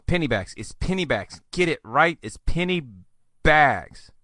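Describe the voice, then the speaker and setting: A man's voice: a little high, sharp tone, dry recording, studio quality. A man hosting a solo podcast, giving fantasy football advice in a chatty, joking, rambling way. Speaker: podcast host.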